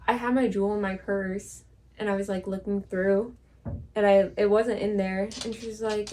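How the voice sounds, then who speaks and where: A woman's voice: mid-range voice, flat delivery, normal speed, mellow. A young woman co-hosting a podcast, telling stories in casual chat with lots of fillers and laughter. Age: young adult. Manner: laughing storyteller, filler-heavy. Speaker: podcast co-host. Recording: distant mic with faint noise.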